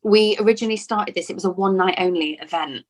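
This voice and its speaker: A woman's voice: mid-range voice, fast talker. A woman from Lincoln in England, an actress talking in a casual interview, chatty and full of restarts and repeated words. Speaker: actor being interviewed.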